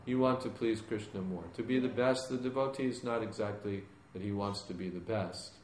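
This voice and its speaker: Male spiritual teacher, lowish voice, calm plain explaining in a roomy hall with faint hiss. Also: fairly quick. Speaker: spiritual teacher answering questions. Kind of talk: question-and-answer class. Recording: echoey room with background noise.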